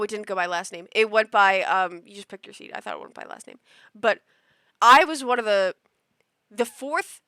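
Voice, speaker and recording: A young woman streamer telling a story to her live chat in an animated, rambling way, restarting often and acting out what people said. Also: fairly high pitch, clean tone, dry recording. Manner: animated and rambling, with frequent restarts, laughs and acted-out quotes.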